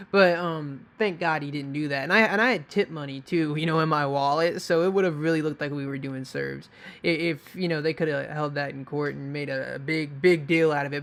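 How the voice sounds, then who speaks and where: A young man with a slightly higher-than-usual voice tells a story in a loose, casual way. He rambles, swears freely and fills gaps with "like" and "um", often restarting his sentences. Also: fairly bright tone. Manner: rambling, profane, lots of fillers and restarts. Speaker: vlogger.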